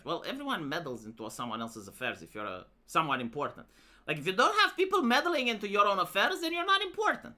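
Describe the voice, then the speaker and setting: A woman's voice: mid-range voice, sing-song, fast talker, bright, forceful tone. A woman streamer giving casual reaction commentary, ranting and swearing as she talks to her chat. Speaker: live streamer reacting to videos.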